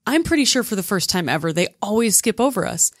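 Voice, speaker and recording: A woman's voice: mid-range voice, expressive, fast talker, no echo, clean studio sound. A woman co-hosting a podcast, chatty and enthusiastic, recovering from a lost voice. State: recovering from losing her voice. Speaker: podcast co-host. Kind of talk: casual podcast chat.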